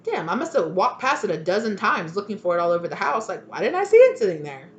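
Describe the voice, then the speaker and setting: A woman's voice: medium pitch, big pitch swings, fast talker, muffled recording. A woman giving a casual spoken tarot reading, rambling and chatty, with many fillers and restarts. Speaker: tarot reader.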